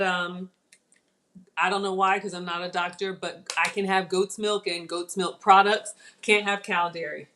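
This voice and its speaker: Woman host, middle-aged, unhurried, chatty cooking livestream talk. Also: medium pitch, fairly bright tone, slight background noise. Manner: chatty, talks viewers through each step. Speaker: channel host. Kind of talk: live cooking demo chat.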